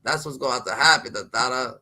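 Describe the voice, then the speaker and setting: A man streaming casual reaction commentary on rap news, slangy and excitable, repeating a catchphrase tag. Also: mid-range voice, fast. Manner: loud, excitable and laughing.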